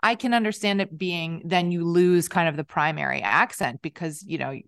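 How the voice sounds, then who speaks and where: Middle aged woman host, lowish smooth voice, bit nasal, dry close sound. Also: normal speed, fairly bright tone, no echo. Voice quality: somewhat nasal. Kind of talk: casual conversation.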